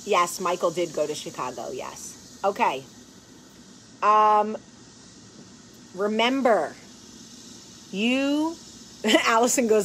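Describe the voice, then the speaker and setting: A woman's voice: medium pitch, normal speed, long pauses, poor audio. Blunt, joking woman host with faint background noise. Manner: blunt, profane and joking, laughs often; swings from hushed earnest talk to loud animated bursts. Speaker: show host. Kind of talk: casual chat to camera.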